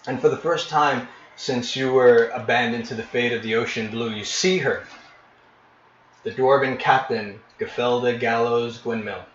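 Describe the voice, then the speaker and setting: A man narrating as game master, painting scenes in vivid detail with frequent pauses and restarts. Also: medium pitch, a bit bright, a little hiss or hum. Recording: echoey, dull lo-fi room recording.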